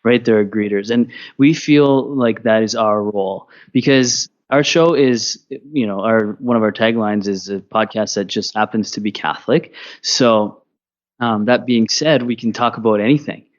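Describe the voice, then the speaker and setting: A Canadian man speaking as a podcast guest, relaxed and rambling with many restarts. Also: fairly low pitch, normal speed, muffled recording. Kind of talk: casual interview.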